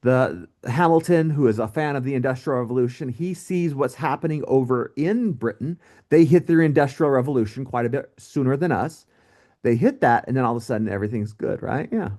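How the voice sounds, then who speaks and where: A man teaching a history lesson in a casual, joking way, with lively asides to his students. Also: medium pitch, brisk. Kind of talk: recorded history lecture.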